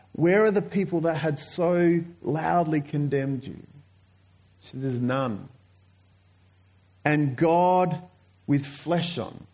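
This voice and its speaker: A man preaching a sermon, telling stories earnestly and slowing down to stress key points. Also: a little high, a little mellow. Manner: earnest storytelling, slowing down for emphasis.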